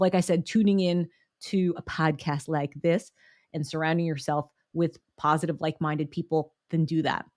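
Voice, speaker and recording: Host: young American woman, low-ish voice, upbeat and encouraging, close dry recording. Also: dry recording. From United States. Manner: upbeat, chatty, encouraging, breaks into laughs. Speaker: podcast host. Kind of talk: solo motivational podcast talk.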